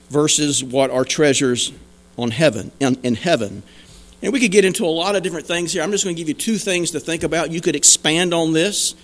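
A man preaching a sermon as pastor, earnest and emphatic, posing questions and answering them himself. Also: a little high.

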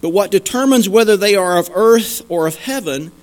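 Pastor, male, high-pitched, earnest emphatic sermon delivery. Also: lively intonation, moderate pace, hardly any pauses. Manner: earnest, emphatic preaching with repeated rhetorical questions.

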